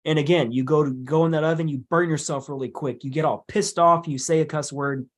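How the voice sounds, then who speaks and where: A man's voice: a little high, fairly even intonation, a little fast. A man speaking as a podcast guest in casual conversation, emphatic and blunt, swearing casually as he makes his points.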